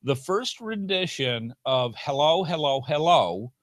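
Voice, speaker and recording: A man's voice: fairly high pitch, animated, measured pace, dry recording, clean studio sound. A middle-aged man co-hosting a podcast in a casual chat, with an upbeat, game-show-host way of talking.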